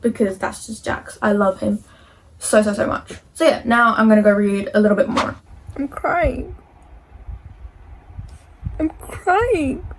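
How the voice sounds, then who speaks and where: A woman's voice: medium pitch, level tone, a little fast, background noise. A teenage girl chatting casually in a reading vlog, gushing and dramatic about a book. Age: teens. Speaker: reading vlogger.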